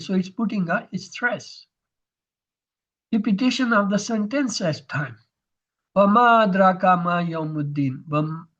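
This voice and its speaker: A man's voice: high-pitched, slightly rough, dull audio. A man teaching Arabic grammar in an online lesson, explaining terms step by step over a video call.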